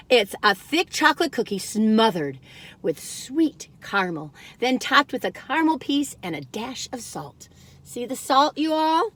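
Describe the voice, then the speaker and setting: A woman's voice: sits high, big pitch swings, normal speed, fairly bright tone. A woman chatting through a cookie taste-test, humming and singing snippets between bites and talking with her mouth full. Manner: chatty, breaks into snippets of song; talks while chewing, savoring sounds. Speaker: food reviewer. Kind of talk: casual taste-test chat.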